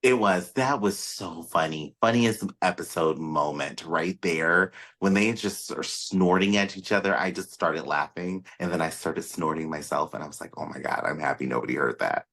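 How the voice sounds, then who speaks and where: A man's voice: low voice, normal speed, hardly any pauses, a bit bright. A man co-hosting a casual podcast, reacting to his partner with playful disgust and easy agreement. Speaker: podcast co-host. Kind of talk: casual chat.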